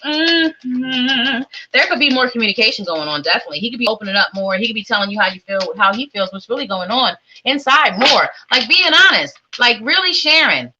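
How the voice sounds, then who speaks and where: Bright-voiced woman doing a tarot reading. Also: on the high side, animated, a little fast, highs cut off, a little hiss or hum. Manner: warm, rambling, repeats phrases, talks straight to viewers. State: sleepy. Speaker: psychic tarot reader. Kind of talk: live tarot reading to viewers.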